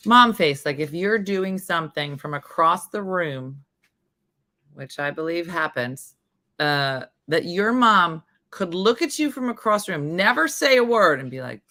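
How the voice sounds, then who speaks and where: Animated woman host telling a story. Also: lowish voice, a little slow. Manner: animated storytelling, acts out quoted voices. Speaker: morning show host. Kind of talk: casual chat.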